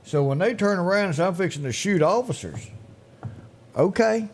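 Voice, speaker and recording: A man's voice: high voice, lively intonation, normal speed. A man co-hosting a local news talk show, telling drawling stories and laughing often. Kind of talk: casual news chat.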